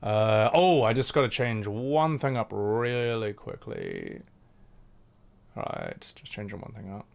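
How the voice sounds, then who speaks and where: A man's voice: on the low side, very animated, unhurried, gravelly. A man streaming live, chatting casually with his viewers, swearing and laughing as he reacts to their comments.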